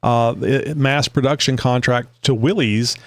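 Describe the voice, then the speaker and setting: Halting man on a talk show. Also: mid-range voice, fairly even intonation, dry recording. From Southeast Texas. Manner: halting, with many fillers and restarts. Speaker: podcast co-host. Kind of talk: casual chat.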